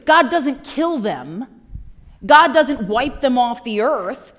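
Woman preacher, sermon, animated storytelling, slightly high voice. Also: measured pace.

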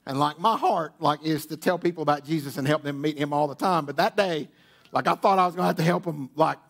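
Quick, creaky, and a bit bright, a man's voice on the high side delivers a storytelling sermon. He's a pastor in a church auditorium with a sound booth, sharing a funny personal tale with his congregation while restarting often and adding asides.

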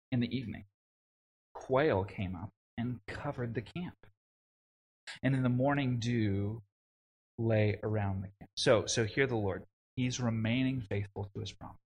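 A young adult man preaching a sermon, animated, with frequent restarts and conversational asides. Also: fairly low pitch, breathy edge. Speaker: pastor.

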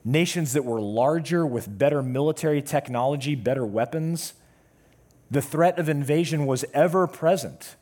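A man preaching a sermon to his church, with measured, emphatic pauses. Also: a little high, warm tone. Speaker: pastor.

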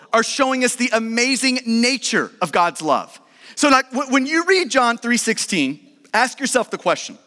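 Male pastor, high-pitched, emphatic sermon delivery, recorded in a church with long reverb. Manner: emphatic preaching that swells to shouts.

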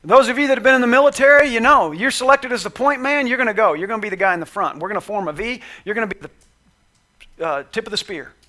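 Animated high-voiced male preacher. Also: fast. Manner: animated, conversational, acts out quotes. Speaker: pastor. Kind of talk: sermon.

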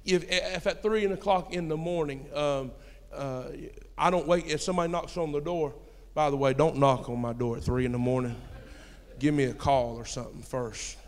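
A young man, a pastor preaching a sermon in a church with folksy storytelling, swinging from quiet asides to shouting. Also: on the high side, fairly even intonation, normal speed. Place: church sanctuary. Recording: long hall reverb.

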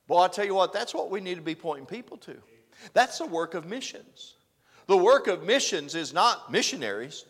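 Impassioned preacher in a reverberant hall. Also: male voice, high-pitched, lively intonation, normal speed. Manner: swings from loud exclamations to hushed earnest lines. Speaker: pastor. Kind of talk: sermon.

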